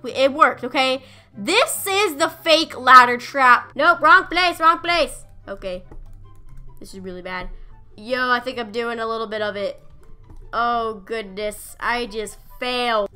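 A woman giving casual gameplay commentary, excitable and giggly, breaking into squealing shouts when chased. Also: fairly high pitch, normal speed, soft background music. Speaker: gaming channel host.

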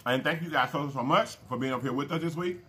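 Man, mukbang host, bright tone, fairly high voice, folksy chat. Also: quick pace. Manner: folksy, calls viewers y'all and baby, hums while eating. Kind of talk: casual eating show chat.

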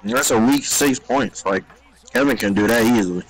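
A young man loudly heckling and coaching a friend during a game, cursing often. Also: lowish voice, normal speed, rough recording. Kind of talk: casual chat while gaming.

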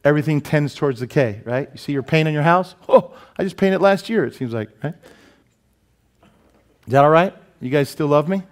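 A man preaching a sermon as pastor in a church, animated and joking, asking the congregation many questions. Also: a little high, brisk, pauses often. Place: church sanctuary.

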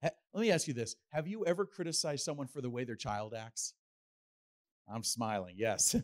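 A middle-aged man preaching a sermon as pastor, animated and playful, slipping into acted asides. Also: mid-range voice.

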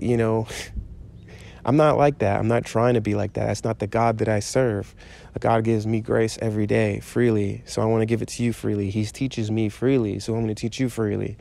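Man, preacher, casual sermon, emphatic, repeats his points, mellow dark voice. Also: fairly low pitch, steady tone, moderate pace, gravelly, long pauses, a little hiss or hum. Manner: conversational, emphatic and repetitive. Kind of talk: informal sermon.

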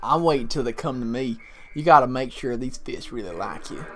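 A man's voice: medium pitch, expressive, fairly quick, over music. A man co-hosting casual gameplay commentary, swearing and joking with many laughs. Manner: profane, joking, laughs often. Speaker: co-host.

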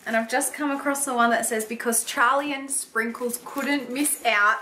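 A young woman excitedly unboxing gifts for her vlog, gasping and gushing with delight. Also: fairly high pitch, normal speed, slight background noise. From Australia. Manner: gushing, gasping, lots of "oh my God". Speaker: beauty vlogger.

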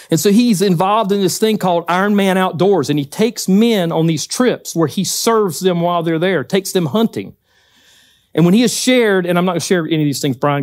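A man preaching a sermon, telling stories with lively acted-out quotes. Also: high voice, no echo. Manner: animated storytelling, acts out quotes. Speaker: pastor.

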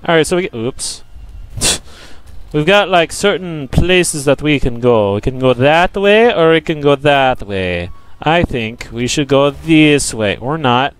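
A man's voice: on the high side, animated, slow, smooth. Young man cursing through gameplay. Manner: profane, frustrated, yells at enemies; jokey self-promotion to viewers. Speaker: let's play gamer. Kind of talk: gameplay commentary.

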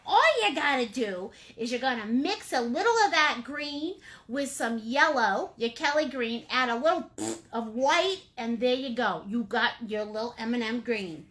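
Bubbly high-voiced woman teaching painting. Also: expressive, normal speed, a bit bright. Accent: Maine. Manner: bubbly, playful, chatty with endearments. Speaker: painting instructor. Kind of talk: live-streamed painting class.

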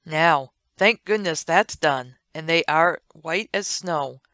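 Woman doing a grumpy rabbit washerwoman, storybook, scolding, slow weary drawl, dry sound. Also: sits low, a bit bright, dry recording. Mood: cross. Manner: grumbling, scolding. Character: cross, harried washerwoman rabbit.

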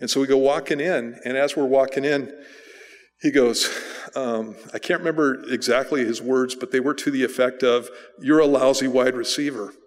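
A male pastor preaching, telling a personal story in a relaxed, conversational way with fillers and restarts. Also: medium pitch, moderate pace. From United States. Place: church sanctuary. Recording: church sanctuary reverb.

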